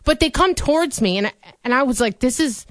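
Animated higher-voiced woman radio host. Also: fast, no echo, clean studio sound. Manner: animated storyteller, acts out quotes. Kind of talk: casual on-air radio chat.

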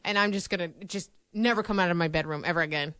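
A woman's voice: lowish voice, fast, pushed and bright, clean tone, no echo, studio quality. A young woman co-hosting a radio show, chatting casually and self-deprecatingly. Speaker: radio co-host. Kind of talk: casual chat.

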